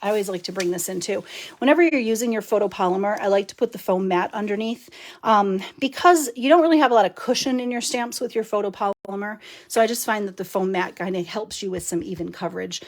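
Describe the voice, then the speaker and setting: A woman's voice: mid-range voice, fast. A middle-aged woman giving a chatty live card-making demonstration, talking to viewers while she works and laughing often. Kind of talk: live stream craft demo.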